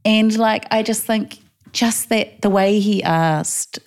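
A woman's voice: mid-range voice, takes it slowly. A middle-aged New Zealand woman with a New Zealand accent, candidly telling personal stories in a casual interview, acting out quotes. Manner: candid, animated quoting, laughs often.

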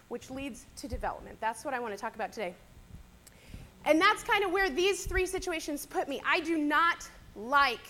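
Young woman teacher, high voice, bright tone, giving a chatty church talk. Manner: chatty, animated storyteller. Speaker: teacher speaking to a church audience. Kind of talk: personal sermon-style talk.

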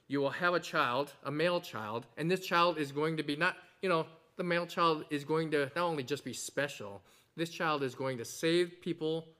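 Guy preaching a sermon, kinda high voice, gets animated telling a joke. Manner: animated preaching with a told joke and acted quotes. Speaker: pastor.

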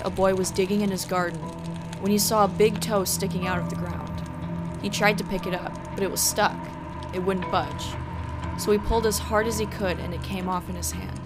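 A woman co-hosting a podcast, reading a scary campfire story aloud with slow, drawn-out spooky delivery. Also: medium pitch. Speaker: podcast co-host.

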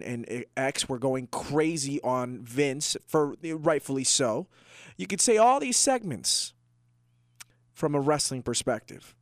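A man's voice: mid-range voice, no echo, studio quality. A young man co-hosting a wrestling podcast in casual chat, emotional and emphatic. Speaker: podcast co-host.

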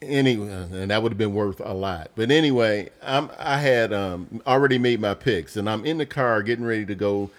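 A man's voice: lowish voice, brisk, hardly any pauses. A middle-aged man co-hosting a casual sports podcast with his son, blunt and dismissive in argument, with a teasing edge. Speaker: podcast co-host, father.

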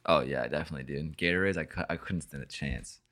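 A man's voice: extremely low pitch, fast, fairly bright tone. A young man hosting a podcast, telling a story in a rambling, casual way with lots of swearing and filler words. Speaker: podcast host.

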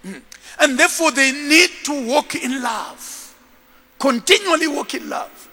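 A man preaches a sermon in a very high, bright voice, acting out the stories he tells. His pitch leaps and falls all the time. A long reverb from the hall hangs behind him. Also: a little slow. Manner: animated storytelling, acting out scenes. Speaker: bishop and preacher.

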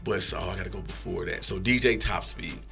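A man's voice: deep voice, quick pace, gravelly, pushed and bright, faint music behind. A middle-aged man, telling a story casually as a guest, swearing freely and acting out quotes.

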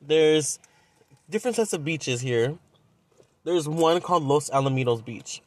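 A man's voice: on the high side, unhurried, darkish tone, no room sound. A young man from Southern California, telling a dating story on a podcast in a blunt, profane, casual way. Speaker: podcast host.

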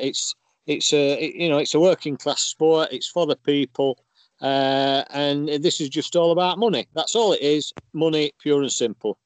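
Blunt man, smooth dry voice. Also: mid-range voice, dry recording. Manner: blunt and indignant. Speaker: podcast guest, football fan. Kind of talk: casual podcast discussion.

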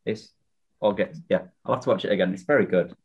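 A man co-hosting a podcast, talking in a hesitant, halting way. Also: on the low side, darkish tone, slightly rough, lo-fi sound. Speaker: podcast co-host. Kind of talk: casual chat.

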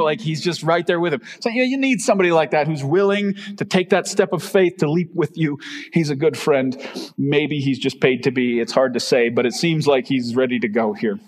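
A man's voice: medium pitch, fairly quick. A male pastor giving a conversational, emphatic sermon full of rhetorical questions. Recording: reverberant hall.

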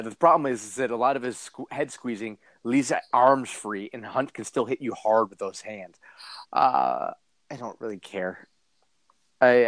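A man's voice: medium pitch, no room sound. A man co-hosting a podcast, riffing in casual chat with rambling, profane jokes. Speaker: podcast co-host. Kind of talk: casual chat about fight news.

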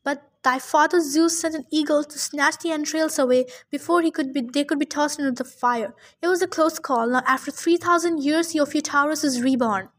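A woman's voice: high-pitched, a little fast, hardly any pauses, lightly acted. Zoe, a woman reading as a solemn immortal huntress. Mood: grave, explaining. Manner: formal old-fashioned speech. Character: ancient immortal huntress girl, formal and solemn.

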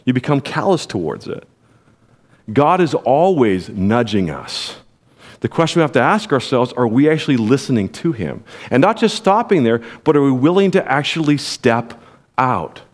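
A man's voice: mid-range voice, big pitch swings, normal speed. A male pastor delivering a sermon in a conversational style, speaking directly to the congregation. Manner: conversational preaching with direct appeals and quoted voices.

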